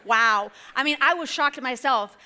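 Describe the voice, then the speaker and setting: Middle-aged woman speaker, high bright voice, chatty sermon storytelling from the stage. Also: moderate pace, a little hiss or hum. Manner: chatty, rambling, self-correcting. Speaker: church speaker. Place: church stage.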